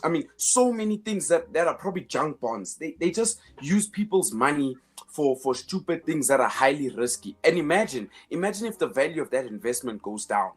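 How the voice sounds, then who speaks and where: A man's voice: a little high, animated, brisk, breathy edge. A man hosting a finance show in casual commentary, emphatic, repeating words as he builds each point, with sarcastic asides.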